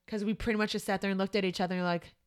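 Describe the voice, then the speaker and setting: A woman's voice: mid-range voice, steady tone, racing. A woman in her thirties co-hosting a podcast, talking frankly and emphatically in casual chat, laughing often. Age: 30s. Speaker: podcast co-host.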